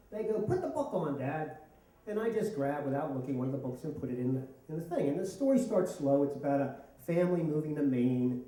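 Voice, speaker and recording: A middle-aged man tells a comic story live on stage, self-mocking and lively. His voice comes from a distance in an echoey hall. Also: medium pitch. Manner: animated, self-mocking, laughing through lines. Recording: echoey hall, mic from far off.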